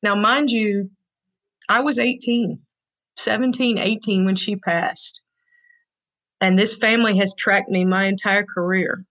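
Woman in her 40s, podcast guest, earnest and frank, moderate pitch, storytelling. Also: fairly even intonation, a little slow, pauses often, fairly bright tone, low-quality recording. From Tennessee, USA. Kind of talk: heartfelt storytelling.

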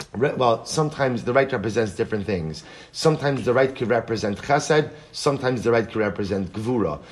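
A man teaching a Talmud class, animated, chanting quotes slowly and restarting his sentences often. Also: medium pitch, husky. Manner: stammering restarts.

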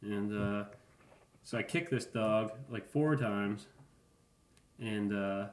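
Speaking slowly in a lowish voice, a thirtysomething man hosts a podcast and meanders through a laid-back comic monologue. He's deadpan and offhand, with profane asides, and the room is reverberant.

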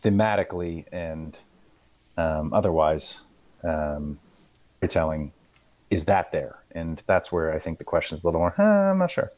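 A man co-hosting a casual podcast chat, thinking aloud with many pauses. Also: extremely low pitch, steady tone, darkish tone, no room sound. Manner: hesitant, halting with fillers. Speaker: podcast co-host.

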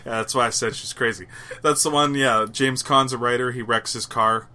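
A man's voice: medium pitch, fairly even intonation, normal speed, sharp tone. A man co-hosting a podcast, chatting casually and rambling about movies, swearing now and then. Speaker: podcast co-host. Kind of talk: casual chat.

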